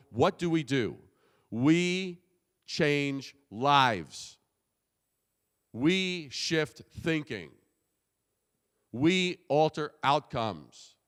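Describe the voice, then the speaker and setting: A man's voice: mid-range voice, fairly bright tone. A man giving a conference keynote, punchy and emphatic, with casual swearing. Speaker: keynote speaker. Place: conference hall. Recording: long hall reverb.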